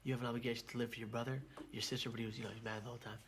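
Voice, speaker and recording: A man telling a personal story in a documentary interview, halting and repeating his words as he goes. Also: medium pitch, flat delivery, background noise. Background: music.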